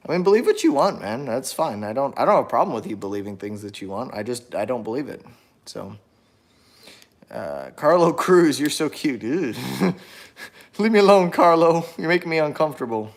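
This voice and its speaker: A young man hosting a casual livestream, answering chat in a relaxed, rambling way with lots of fillers and restarts. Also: mid-range voice. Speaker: livestream host reading chat. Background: a small child crying at times.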